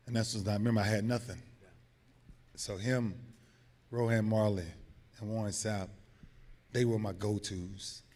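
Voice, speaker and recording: A man in his forties holds the floor as a guest speaker, spinning stories in a lively, animated way. He acts out each quote, his pitch leaping high and dropping low as he goes. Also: normal speed, pauses often. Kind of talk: lively storytelling. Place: hotel banquet hall.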